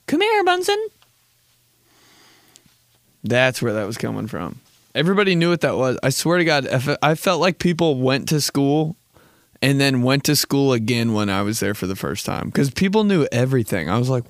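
A man's voice: medium pitch, lively intonation, brisk, no echo. A young man in his twenties hosting a podcast, joking and rambling in a laid-back, casual way and swearing often. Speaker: podcast host. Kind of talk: casual comedic monologue.

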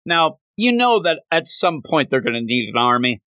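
Animated man recapping comics. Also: on the high side, normal speed, no echo. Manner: animated storytelling, acts out quotes, laughs often. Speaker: podcast host. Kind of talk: casual comic book recap.

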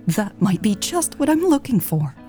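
A woman voicing a sad, frail elderly lady who speaks softly through sighs and tears. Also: medium pitch, a little slow, vocal fry, faint music behind, voice pushed up. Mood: touched. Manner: soft, sighing, wavering.

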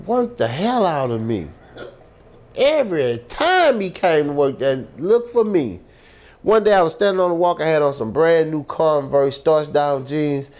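A man, a guest telling humorous stories in an interview, animated and laughing, full of slang. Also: on the high side, unhurried.

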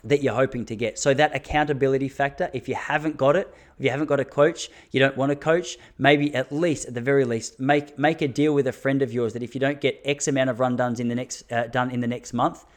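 A man's voice: mid-range voice, steady tone, a little fast, few pauses. A man, a running coach talking frankly to his listeners in a casual solo podcast, with fillers and restarts. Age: 30s.

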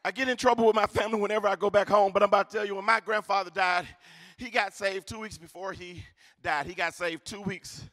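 A male pastor preaching a sermon, often shouting his lines, calling on the congregation to answer and telling funny stories. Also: high-pitched, fairly even intonation, fast talker, dry recording. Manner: calls on the congregation for responses; humorous storytelling with laughs.

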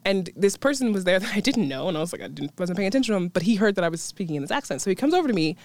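A woman's voice: medium pitch, big pitch swings, racing, a little mellow, no room sound. A woman in her thirties telling a story in casual podcast chat, laughing often and acting out quoted lines. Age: 30s. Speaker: guest.

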